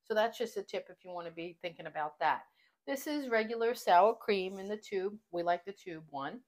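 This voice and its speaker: A woman's voice: mid-range voice, expressive, moderate pace. A middle-aged woman hosting a casual home cooking vlog from her kitchen, chatty and enthusiastic as she shares kitchen tips. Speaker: cooking channel host.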